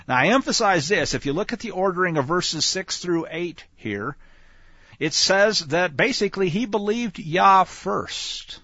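A man teaching scripture in a conversational way, animated and speaking straight to his listeners. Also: high-pitched, measured pace, no room sound. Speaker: Bible teacher. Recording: dull lo-fi, dry sound.

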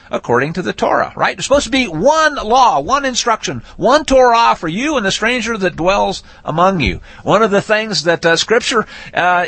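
A man teaching a Torah portion in a lively, folksy, conversational way, rereading verses with shifting emphasis. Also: high-pitched, gravelly, slightly rough, no echo. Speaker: Bible teacher.

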